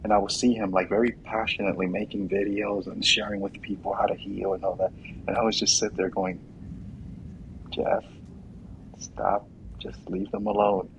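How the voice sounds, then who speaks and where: A man speaking as a guest in a casual interview, animated and quick to act out what others say. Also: fairly low pitch, vocal fry, muffled recording, slight background noise. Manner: animated, acts out quoted voices loudly.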